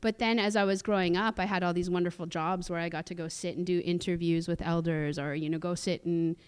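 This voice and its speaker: Brisk and steady, this lowish voice has a clear, resonant tone. The speaker, a woman from Canada's Musqueam community, is a guest at a cultural sharing, telling personal stories on a theatre stage in a chatty manner marked by fillers, restarts and frequent laughs.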